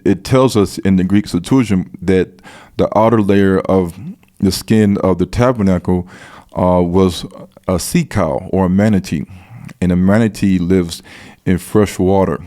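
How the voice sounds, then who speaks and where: A man with a low, mellow voice talks through a long explanation in an unhurried, earnest way. He often circles back, repeating and restarting phrases as he builds his case. His warm, soft tone stays steady under the flow of detail. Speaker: guest speaker on biblical history. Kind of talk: explanatory conversation.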